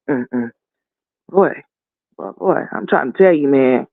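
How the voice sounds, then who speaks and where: A man with a notably high voice delivers fiery, profane, sassy commentary. The sound is thin and phone-like, with no room at all around it. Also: slow, creaky, no echo. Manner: heated, profane, sassy ranting. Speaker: commentary host. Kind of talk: ranting commentary. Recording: tinny phone-like dry sound.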